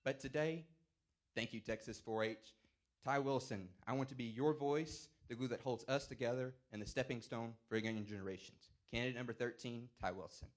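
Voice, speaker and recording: A man giving a prepared campaign speech as a 4-H council candidate, with dramatic, animated storytelling. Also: mid-range voice, moderate pace.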